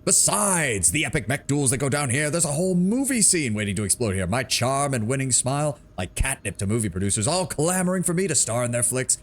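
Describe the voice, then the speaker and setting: A man's voice: medium pitch, sing-song, a little fast, few pauses, voice pushed up. A man putting on an over-the-top voice as a brash, boastful male mech pilot and commentator in a video game. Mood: cocky.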